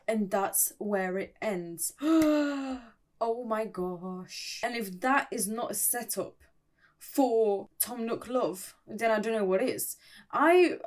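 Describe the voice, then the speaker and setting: A woman's voice: medium pitch, darkish tone. A young woman in a casual, playful recap of an online story, chatty and laughing often, with dramatic asides.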